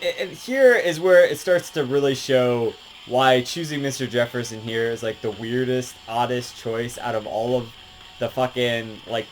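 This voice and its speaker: A game reviewer with a medium-pitched voice talks casually through a video game, rambling with plenty of fillers and swearing. The recording is rough, with slight background noise.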